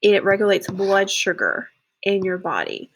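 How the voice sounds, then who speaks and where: A woman teacher talking students through a lesson in a casual way, often checking in with "okay" and pausing on "um". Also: medium pitch, very animated, creaky, slight background noise.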